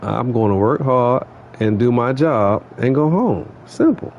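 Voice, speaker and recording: A man's voice: mid-range voice, lively intonation, a little slow, darkish tone, lo-fi sound, a little hiss or hum. A man telling a heated, rambling story about a run-in at work, often adding "you know what I mean". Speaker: vlogger. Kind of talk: casual venting story.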